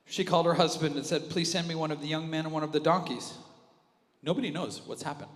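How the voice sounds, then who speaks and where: A male pastor preaching an animated sermon, dropping to a hush and then rising loud again. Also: fairly high pitch, fast talker. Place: church auditorium with reverb. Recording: live church audio with long reverb and music underneath. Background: worship music.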